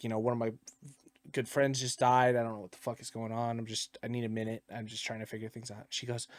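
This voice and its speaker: A man's voice: mid-range voice, no echo, studio quality. A man telling stories in a casual podcast, swearing a lot and laughing often. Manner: profane, animated storyteller who laughs often. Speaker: podcast co-host.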